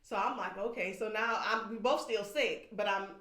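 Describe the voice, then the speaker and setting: A woman's voice: medium pitch, moderate pace. A woman, a podcast guest, candidly telling an emotional personal story and acting out what others said. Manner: candid, animated, acts out quoted voices. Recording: echoey room.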